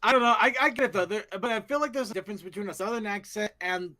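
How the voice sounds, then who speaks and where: A man co-hosting a casual fan talk show, excitable and quick to swear, often restarting his sentences. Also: high-pitched. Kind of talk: casual chat.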